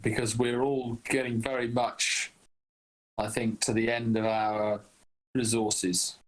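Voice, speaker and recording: A man speaks as a player in a tabletop role-playing game, weighing up the party's options. He talks slowly and deliberately, setting out his reasoning step by step. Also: mid-range voice, little pitch movement, poor audio. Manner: deliberate, reasoning things through. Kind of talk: tabletop role-play chat.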